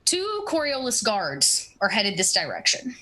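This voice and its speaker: A woman running a tabletop role-playing game as game master, narrating scenes in a relaxed way with frequent fillers. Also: medium pitch, measured pace.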